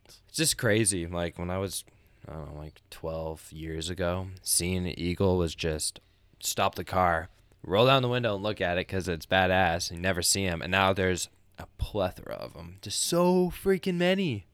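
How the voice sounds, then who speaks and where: Laid-back male co-host with a low, smooth voice, dry close mic. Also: steady tone, normal speed, a bit bright, no room sound. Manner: laid-back, short agreeing replies. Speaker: podcast co-host. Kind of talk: casual chat.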